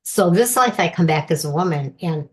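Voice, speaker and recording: A woman's voice: fairly low pitch, animated, moderate pace. A woman guest author telling personal stories in a chatty way and laughing often during an interview. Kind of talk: casual interview chat.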